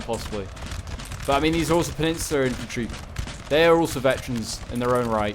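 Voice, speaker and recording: A man giving chatty, excitable, rambling commentary on a game battle. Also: on the high side. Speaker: gaming channel host. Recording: gunfire and battle sounds over voice. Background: game gunfire and battle noise.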